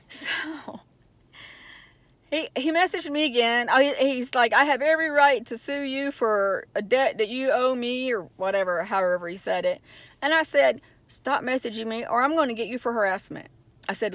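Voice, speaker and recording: Woman, middle-aged, storytime vlog, candid, frustrated, a bit high-pitched, dry mic. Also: a bit bright, no echo. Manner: candid, gets heated and frustrated retelling. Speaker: vlogger.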